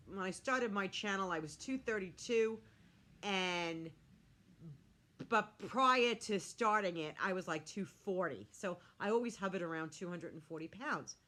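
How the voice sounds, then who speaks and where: Bright-voiced chatty woman vlogger. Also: mid-range voice. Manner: chatty, blunt and sarcastic. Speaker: diet vlogger. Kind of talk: casual chat to camera.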